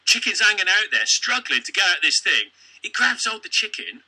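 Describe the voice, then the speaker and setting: A man's voice: sits high, big pitch swings, fairly quick, pushed and bright, rough recording. A man co-hosting a late-night local radio comedy show, telling rambling jokey stories with stammering restarts. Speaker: radio co-host. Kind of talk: casual banter, comic storytelling. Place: radio studio.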